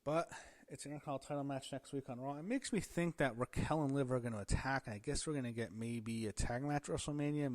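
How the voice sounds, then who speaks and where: Casual rambling wrestling recap guy. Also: mid-range voice. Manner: rambling, thinks aloud with fillers and restarts. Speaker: wrestling show reviewer.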